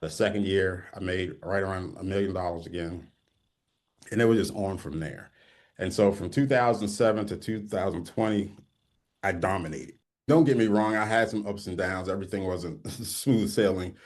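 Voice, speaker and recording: A man's voice: low voice, normal speed, a little mellow. A middle-aged man telling his own story to camera in a conversational way, often tagging points with "okay?". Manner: conversational, keeps adding "okay?" at ends of points. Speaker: online marketing teacher. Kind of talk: personal story told to camera.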